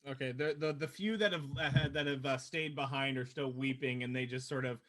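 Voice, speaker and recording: A man's voice: medium pitch, fairly even intonation, brisk, fairly bright tone. A man narrating as game master of a tabletop game in a casual, rambling way, full of fillers. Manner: casual, rambling, many fillers, laughs at his own jokes.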